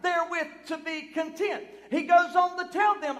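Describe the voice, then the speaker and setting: A pastor preaching a sermon in a church, swelling from quiet reflection to loud, emphatic declarations. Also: male voice, very high voice, fairly even intonation, normal speed, few pauses. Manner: preacherly, building from soft to shouted emphasis. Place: church sanctuary. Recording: long hall reverb.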